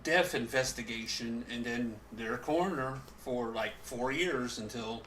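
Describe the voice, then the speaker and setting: Bright-voiced man rambling on a podcast. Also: medium pitch, a little slow, slight background noise. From living in Oklahoma. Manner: rambling, stop-start, restarts sentences. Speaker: podcast host. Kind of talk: casual podcast chat.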